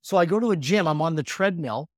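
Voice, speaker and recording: A man in his fifties, a podcast guest telling his story with energetic, animated delivery. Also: a little high, fast, dry recording, clean studio sound. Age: 50s. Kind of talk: storytelling in conversation.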